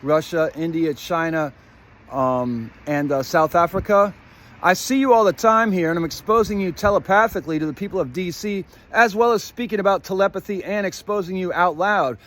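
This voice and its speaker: Man, high-pitched voice, rambling conspiratorial vlog monologue, swears a lot, talks to viewers directly. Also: fairly bright tone, no echo. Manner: profane, swears often; rambling, jumps between topics, plays on words. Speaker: vlogger.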